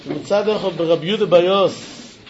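Male Talmud teacher, high voice, quick and emphatic delivery, dull low-fi recording. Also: a little hiss or hum. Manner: rapid, emphatic, switching between English and Hebrew. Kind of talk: Talmud lecture.

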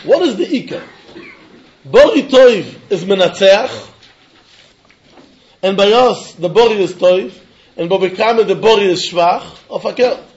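High-voiced man giving a fast Talmud lecture. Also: lively intonation, muffled recording. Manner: rapid, emphatic, switching between English and Hebrew. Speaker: Talmud teacher.

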